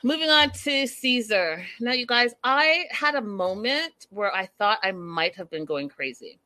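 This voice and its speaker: A woman vlogger recapping a reality show in casual, animated, gossipy chat with dramatic asides. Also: on the high side, a little slow, dry recording.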